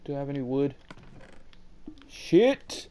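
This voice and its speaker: A man's voice: mid-range voice, fairly even intonation, moderate pace, slight background noise. A man casually commenting on his own game playthrough, rambling and swearing a lot, with sudden angry outbursts. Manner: profane, rambling, erupts into yelling. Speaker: gameplay commentator. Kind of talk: casual let's-play commentary.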